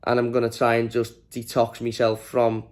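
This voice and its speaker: Straight to camera, a fan channel host rants about his team's loss, worn out from too little sleep. His voice sits in an ordinary middle male register, delivered completely flat at normal speed, and he sounds exasperated and drained while swearing freely.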